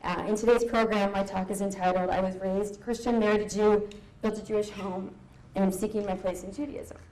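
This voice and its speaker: Speaking in an echoey conference hall, a young Southern Californian woman shares a candid and emotional personal story, with the occasional laugh. Her voice is mid-range with a darkish tone and fairly even intonation, and her pace is a little fast.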